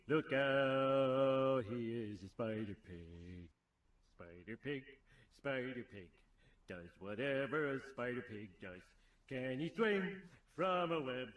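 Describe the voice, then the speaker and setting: A man voicing a dopey cartoon dad who slowly croons a goofy song. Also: medium pitch, animated. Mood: goofy singing. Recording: tinny, echoey cartoon film clip.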